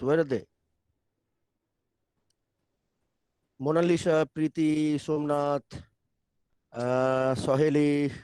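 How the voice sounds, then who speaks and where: An Indian English man loudly urging students to answer. His voice is dark, and the sound is close and dry. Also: fairly high pitch, no room sound, poor audio. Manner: loud, urging roll call. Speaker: teacher calling on students.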